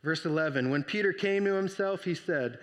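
A man preaching a sermon, telling the story with lively energy and acting out the voices. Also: high voice, moderate pace, long reverb tail. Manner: animated storytelling, acts out voices. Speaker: pastor.

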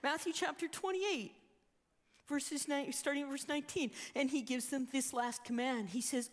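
A woman's voice: sits high, steady tone, normal speed. A woman preaching a sermon, telling the story with animation and acting out the quoted voices. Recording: long reverb of a hall.

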